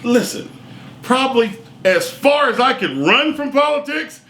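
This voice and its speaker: A middle-aged co-host and sports super fan trades casual talk-show banter, folksy and exuberant, forever saying "man" and "I'm telling you". His very high voice is sharp and lively at a measured pace, recorded in an echoey room.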